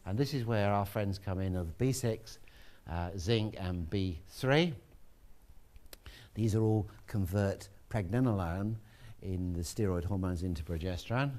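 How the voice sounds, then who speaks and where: A man giving a relaxed, chatty classroom lecture, with asides to students. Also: low-pitched, measured pace.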